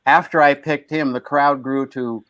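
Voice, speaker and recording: A man's voice: medium pitch, fairly even intonation, normal speed, a bit bright, clear, resonant tone, dry recording. A man from Buffalo, a guest telling a joking, self-deflating story. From Buffalo, New York.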